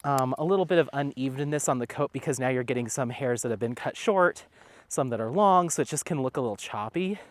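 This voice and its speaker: A man's voice: mid-range voice, brisk, no echo. A man vlogging at an outdoor dog park, chatting casually in a rambling way. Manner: rambling, chatty, stops often to call his dog. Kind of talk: casual chat.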